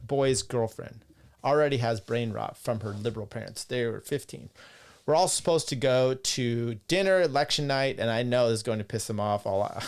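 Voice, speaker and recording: A middle-aged man hosting a podcast, rambling casually with profane, chuckling asides as he reads viewer comments. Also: mid-range voice. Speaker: podcast host. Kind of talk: casual live-stream talk, reading chat.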